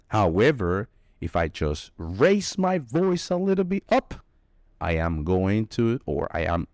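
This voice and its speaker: Male English teacher, lowish voice, dry close sound, emphatic delivery. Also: sing-song, a little mellow, no echo. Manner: slow, emphatic explaining with drawn-out key words. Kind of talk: vocabulary lesson.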